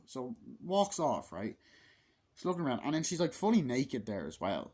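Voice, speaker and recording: Man, husky voice, casual movie review, blunt, swears a lot, mid pitch. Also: wildly swooping pitch, a little mellow. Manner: profane, blunt, acts out scenes in quick put-on voices. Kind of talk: casual film review rant.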